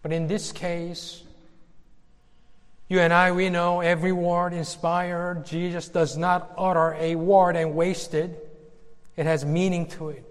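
A male preacher giving a sermon, slow and emphatic, with dramatic pauses. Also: sits high, little pitch movement, clean tone, long reverb tail.

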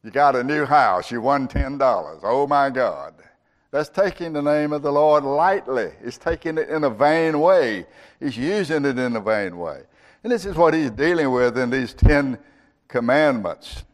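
A man's voice: medium pitch, expressive, a little slow. A man preaching a sermon as a pastor, reciting scripture and speaking God's words in the first person.

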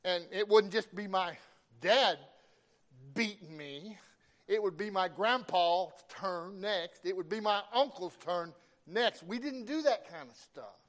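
A middle-aged man preaching in a fairly high voice. He tells homespun stories at an easy pace and often pauses to ask for an amen. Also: a bit bright. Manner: folksy, calls for amens. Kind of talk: sermon with folksy storytelling.

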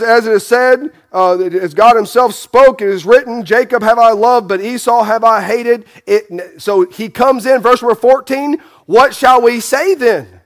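High-voiced preacher man, emphatic. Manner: emphatic preaching, rhetorical questions, restarts. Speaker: pastor. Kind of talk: sermon.

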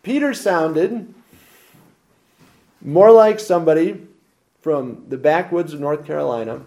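Here a man gives a pastor's sermon, raising rhetorical questions while shifting from loud stresses to hushed side remarks. He speaks slowly in a slightly high voice.

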